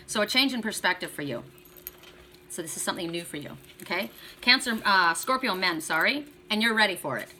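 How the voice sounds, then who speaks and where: Bright-voiced woman giving an encouraging card reading. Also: medium pitch, animated, fairly quick. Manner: chatty and encouraging, talks straight to the viewer. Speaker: tarot and oracle card reader. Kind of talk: oracle card reading for viewers.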